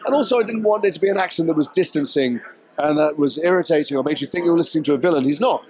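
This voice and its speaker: A man's voice: a little high, racing, darkish tone. A man being interviewed as an actor at a red carpet premiere, explaining his work in a thoughtful, articulate way.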